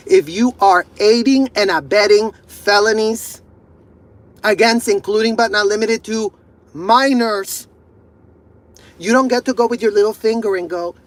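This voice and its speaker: A man ranting to camera in fury, swearing heavily, repeating his points and bursting into shouts. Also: high voice, a little slow, low-quality recording. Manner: furious, profane, repeating himself, bursts of shouting. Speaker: video creator. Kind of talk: angry rant to camera.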